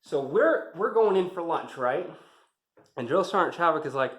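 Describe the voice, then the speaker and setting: A man's voice: a little high, lively intonation, moderate pace, a bit bright. A man telling an army story in a casual, rambling way, swearing often and getting heated, in a roomy-sounding space. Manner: profane, rambling, gets heated. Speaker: army veteran vlogger. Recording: roomy echo.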